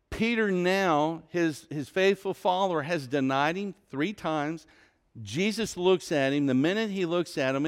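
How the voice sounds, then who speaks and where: A man preaching a sermon, telling a story with big swings from loud to hushed. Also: a little high, clean tone. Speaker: pastor.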